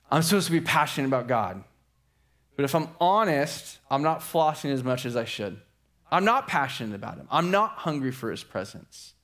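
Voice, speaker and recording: A man preaching a sermon as a pastor, telling a story with lively acted-out quotes. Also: fairly high pitch, brisk. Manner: animated storyteller acting out quotes.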